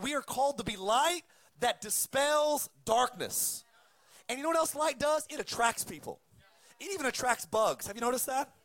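A man preaching a sermon, calling for amens and punching his points with shouted peaks. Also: very high-pitched, dry recording. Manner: emphatic preaching with amen calls and shouted peaks. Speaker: pastor.

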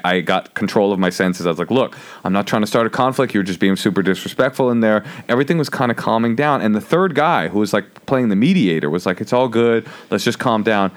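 A man in his thirties, a comedian telling a rambling story on a podcast, full of fillers and restarts. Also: fairly low pitch. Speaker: guest comedian.

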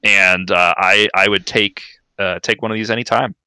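Deep-voiced man, halting casual talk. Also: fairly even intonation, sharp tone, smooth, dry recording. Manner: halting, with many fillers and repeated words. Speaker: podcast co-host. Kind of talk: casual card game discussion.

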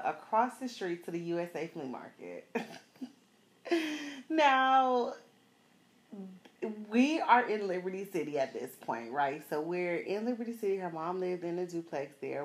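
A woman in her thirties from South Florida, telling a personal story casually to viewers, with lots of laughter and slang. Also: lowish voice. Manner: animated, laughs often, slangy, addresses viewers.

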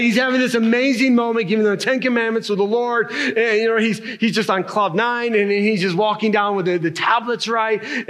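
Pastor, man, high-pitched voice, animated emphatic sermon delivery, keeps tagging lines with a question. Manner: animated, emphatic preaching with frequent "right?" tags.

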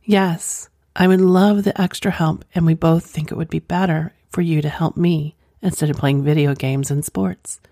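A breezy, confident woman friend in a read-aloud story, voiced by a woman narrator. The voice sits low and mellow, close and dry. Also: steady tone, moderate pace, few pauses, no echo.

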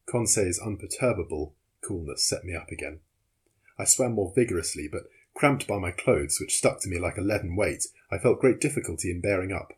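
Husky low-voiced male narrator. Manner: measured, steady reading. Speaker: audiobook narrator. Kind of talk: scripted narration.

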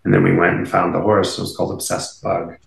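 A man's voice: deep voice, little pitch movement, fast talker, creaky, reverberant, slight background noise, rough recording. A man, a medium and interview guest, telling stories casually in a rambling way with many fillers and restarts. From Canada. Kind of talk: casual storytelling.

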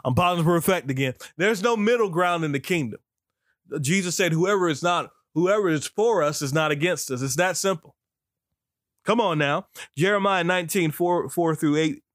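A man's voice: moderate pace, fairly bright tone, no room sound, clean studio sound. Exuberant man preaching, whooping. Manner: exclamatory, preaching cadence with sudden high whoops. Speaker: preacher and podcast host.

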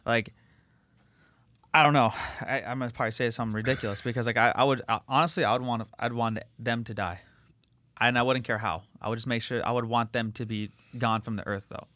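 A fast-talking man hosts a casual podcast chat. He rambles through stories full of curses and fillers. His voice sounds dry and close, with no room sound. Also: mid-range voice, steady tone, pushed and bright, dry recording. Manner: profane, rambling storyteller with many fillers. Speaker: podcast host.

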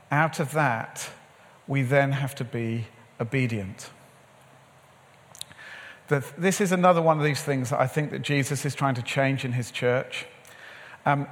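A middle-aged man preaching a sermon, telling a personal story in a conversational way and acting out the dialogue. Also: mid-range voice. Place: large church or event hall. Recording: long hall reverb.

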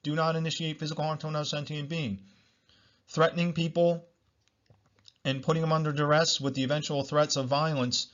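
A man's voice: on the high side, level tone, fairly quick, fairly bright tone, muffled recording. A man hosting a solo podcast, talking bluntly, repeating himself and swearing freely. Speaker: podcast host.

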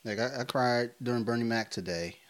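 A man in his thirties co-hosting a podcast, telling stories in a casual, profane, animated way. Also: mid-range voice, a little fast. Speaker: podcast co-host. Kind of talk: casual chat.

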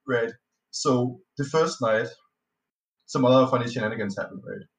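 A native Danish speaker with a medium-pitched voice talks at a moderate pace as a guest on a podcast. In casual storytelling fashion, he rambles through a tabletop game anecdote full of fillers, restarts and swearing. The audio echoes around the room, and he's slightly off-mic.

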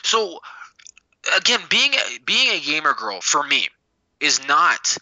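A young man, a game store clerk co-hosting a podcast, telling stories in animated, profane casual chat and putting on voices for the people in them. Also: fairly high pitch, slow, dry recording. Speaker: podcast co-host. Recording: dull, dry lo-fi recording.

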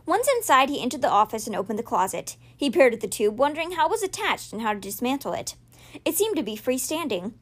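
A woman hosting a podcast, reading a children's novel aloud with expressive storytelling. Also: fairly high pitch. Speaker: podcast reader.

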